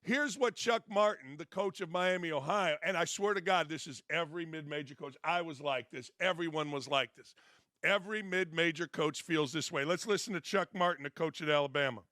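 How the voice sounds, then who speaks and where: Man, sports show host, blunt, emphatic, high, bright, dry studio sound. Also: a little fast, no echo. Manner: blunt, emphatic, repeats points. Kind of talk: opinionated commentary.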